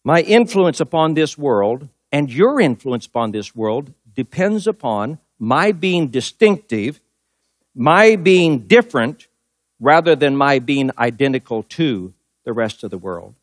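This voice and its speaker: A man's voice: mid-range voice, sing-song, measured pace, no room sound, studio quality. A middle-aged male pastor preaching a sermon, telling a personal story and driving points home with emphatic repetition.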